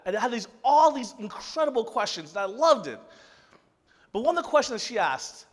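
A man preaching a sermon, telling a story that swings from loud excitement to hushed softness. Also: sits high, fairly quick, big-room sound. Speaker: pastor.

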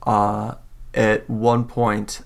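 A man narrating a tabletop role-playing game as game master, halting often with fillers as he describes scenes and speaks for characters. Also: lowish voice, monotone, gravelly.

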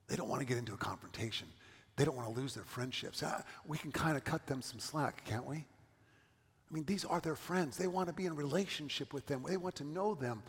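A man's voice: a little high, brisk, breathy edge, long reverb tail. A middle-aged man from California, a pastor giving a sermon and telling stories with asides to the congregation.

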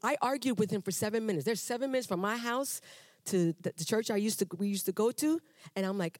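Before a church congregation, a woman gives her personal testimony in an animated, conversational manner, humorously acting out dialogues and restarting sentences along the way. Her medium-pitched voice moves fast and sounds dry and close, with little room sound.

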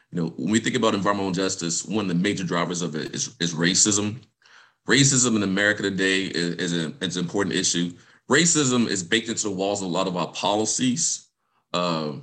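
A man's voice: sits low, fairly bright tone. A man speaking as a guest presenter, delivering a passionate talk with emphatic, repeated phrases and frequent check-ins like "right?".

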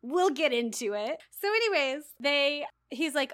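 Woman, casual podcast chat, wry, crisp bright tone, close dry sound. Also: high-pitched, a little slow, dry recording. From United States. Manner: animated, wry, many fillers like "like". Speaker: podcast co-host.

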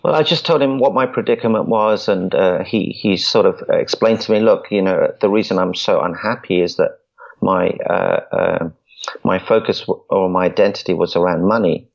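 Deep gravelly man telling his story. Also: normal speed. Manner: earnest, repeats words when starting. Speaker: podcast guest. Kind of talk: storytelling interview. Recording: dull lo-fi audio.

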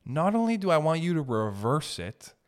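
A man's voice: a little high, very animated, moderate pace, pitched above the performer's own voice. A man quoting his fierce, demanding mother in a bossy, confrontational tone.

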